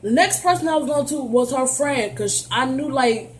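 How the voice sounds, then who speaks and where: A young adult woman tells a story to her viewers in a casual vlog, her voice a touch high. She is animated and sassy and swears freely. A faint hum of room ambience sits behind her. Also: normal speed. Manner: playful, addresses viewers directly. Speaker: vlogger.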